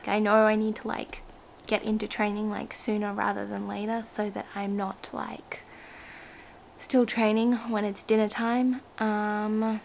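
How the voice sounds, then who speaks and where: A young woman talks casually to camera, rambling with lots of fillers and often dropping to a half-whisper. Her voice has a gravelly creak, and insects buzz faintly behind her. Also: medium pitch, slight background noise, low-quality recording. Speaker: vlogger. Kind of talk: casual vlog talk. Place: outdoors by a bush with cicadas. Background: insects and cicadas.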